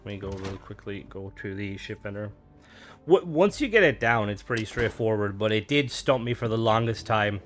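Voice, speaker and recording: A man's voice: fairly low pitch, lively intonation, moderate pace, faint music behind. A man streaming a video game, chatting casually with lots of fillers and restarts. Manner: rambling, filler-heavy, upbeat. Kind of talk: casual gameplay commentary.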